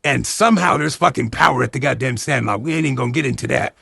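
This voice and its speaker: A man's voice: medium pitch, fast talker, gravelly, fairly bright tone, breathy edge, no room sound, clean studio sound. A man doing a profane, slangy comedy recap of a movie, with mock-outraged asides.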